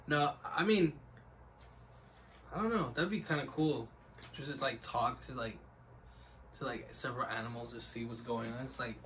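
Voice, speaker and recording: A man's voice: medium pitch, expressive, moderate pace, long pauses, bright, forceful tone. Rambling young man, off-mic. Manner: rambling, laughs often. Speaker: podcast co-host. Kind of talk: casual chat. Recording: distant mic, faint background noise.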